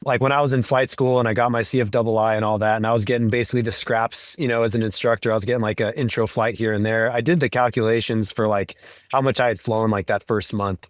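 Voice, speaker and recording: A man, a helicopter pilot guest on a podcast, talking about his career in a relaxed way full of fillers. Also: fairly low pitch, quick pace, no echo, studio quality. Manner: relaxed, filler-heavy, quoting himself. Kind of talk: casual interview chat.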